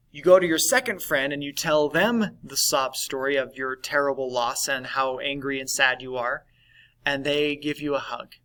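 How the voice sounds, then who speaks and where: A man walks through a recorded lesson in an easy, conversational way, often checking in with his listeners. His voice is bright and sits a little high. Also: moderate pace, poor audio. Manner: conversational, frequent "right?" check-ins. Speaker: teacher. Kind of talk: recorded class lesson on validation.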